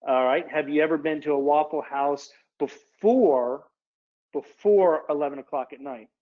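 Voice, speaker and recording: Male presenter, higher voice, casual and digressive, dull lo-fi webinar audio. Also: normal speed. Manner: chatty, digressive, self-interrupting.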